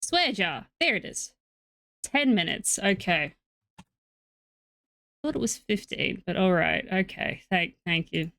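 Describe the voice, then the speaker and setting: A woman's voice: medium pitch, big pitch swings, slow pace, long pauses, fairly bright tone. A woman streaming a game, chatting playfully with her viewers and often repeating words as she talks. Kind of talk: casual chat with stream viewers.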